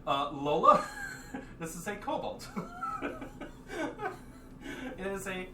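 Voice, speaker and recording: A man's voice: a little high, sing-song, takes it slowly. A man narrating as game master, describing scenes in a loose, meandering way full of fillers. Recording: echoey room, distant mic, noisy.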